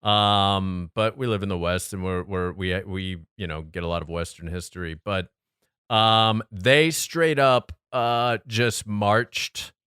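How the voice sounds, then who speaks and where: A man's voice: lowish voice, slow, pushed and bright, clear, resonant tone, dry recording, studio quality. A man co-hosting a podcast, telling a history story in a loose, swearing, casual way. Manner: loose storyteller, swears freely, frequent ums.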